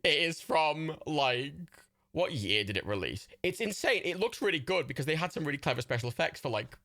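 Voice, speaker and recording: A man co-hosting a livestream chat about films, his voice bright and lively, swinging widely in pitch. He jokes and laughs often, talking casually into a home streaming mic. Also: fairly quick. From Ireland. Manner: animated, laughs often, jokey. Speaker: livestream co-host.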